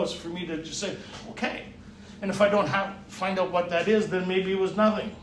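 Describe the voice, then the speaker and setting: Guy giving a recovery talk, animated storyteller, roomy far-off sound, a bit of faint hiss. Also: a little high. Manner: storytelling, acts out dialogue, laughs often. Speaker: recovery retreat speaker. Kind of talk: personal testimony talk. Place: retreat meeting room. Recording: echoey room, mic far off.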